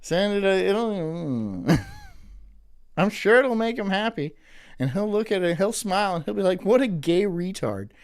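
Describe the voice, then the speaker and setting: A man with a high, expressive voice runs a live stream, reading viewer messages aloud at a slightly fast pace. In this casual chat he stumbles, restarts and curses amid exasperated banter.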